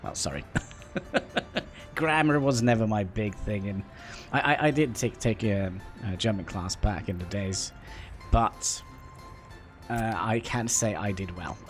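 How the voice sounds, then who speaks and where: A man from Norway with a Norwegian accent, chatting with viewers while playing a game, halting and self-deprecating. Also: fairly low pitch. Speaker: livestreamer. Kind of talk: casual gameplay livestream commentary. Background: faint background music.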